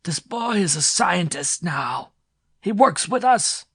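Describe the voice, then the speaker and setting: A male narrator voicing a frail, bird-like old man who scolds in a shrill, strident voice. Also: lively intonation, takes it slowly, a bit bright, husky, dry recording, studio quality, full character voice. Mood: angry shrill.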